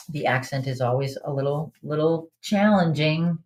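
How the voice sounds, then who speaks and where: A woman's voice: deep voice, normal speed, a little mellow. A woman hosting a live online trivia game in a casual, chatty way, reading out answer options and laughing often. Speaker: trivia host.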